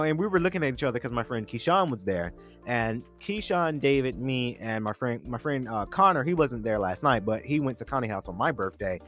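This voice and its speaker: A man's voice: mid-range voice, a bit bright. A man co-hosting a casual podcast, reviewing food and movies in an enthusiastic, rambling way. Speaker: podcast co-host.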